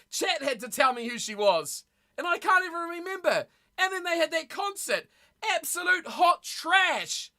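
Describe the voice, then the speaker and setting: A woman's voice: high voice, sharp tone. A woman streamer chatting casually with her live chat, blunt and opinionated, often losing her train of thought.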